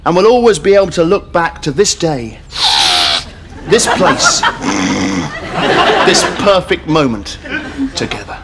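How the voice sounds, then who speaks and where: A man's voice: on the high side, very animated, unhurried, pauses often. A man playing a clingy newlywed husband who gives a sweet, smothering romantic speech. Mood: doting. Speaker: sketch actor. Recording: studio audience laughter, noisy.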